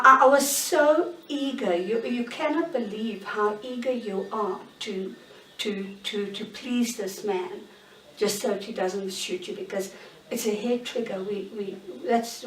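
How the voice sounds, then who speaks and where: A woman in her sixties giving a candid, halting personal account in an interview at home. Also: medium pitch, fairly bright tone, a little hiss or hum. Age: 60s. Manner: candid, halting, searching for words. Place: bedroom in her own home. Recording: roomy sound, mic at a distance.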